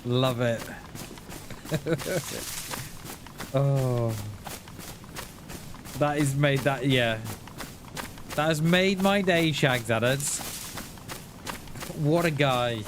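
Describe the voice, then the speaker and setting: A man's voice: medium pitch, very slow, long pauses, background noise. A man chatting casually while live streaming a game, laughing often and calling his viewers mate. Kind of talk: live gameplay stream chat.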